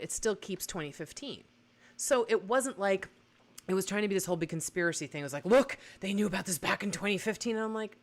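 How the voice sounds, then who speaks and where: A woman co-hosting a radio talk show, ranting in casual chat with lots of laughter and swearing. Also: on the low side. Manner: animated, profane, laughs often.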